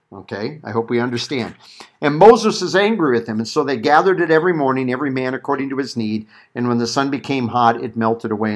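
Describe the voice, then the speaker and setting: A man's voice: medium pitch, a bit bright. A middle-aged man teaching a Bible study sermon, reading scripture and acting out quotes with emphatic peaks.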